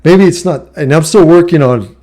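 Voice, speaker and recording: A man's voice: on the high side, normal speed, mellow. A middle-aged man talking bluntly to camera about his life, swearing often and asking "you know what I mean" after nearly every point. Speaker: vlogger giving life advice. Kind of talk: casual monologue to camera.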